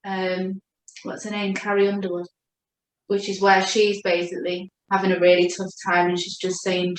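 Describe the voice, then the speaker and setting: A woman giving a gentle, reassuring spiritual chakra reading as a coach. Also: on the low side, level tone. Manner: gentle, reassuring, speaks slowly when addressing her guide. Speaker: oracle card reader and coach. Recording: echoey room.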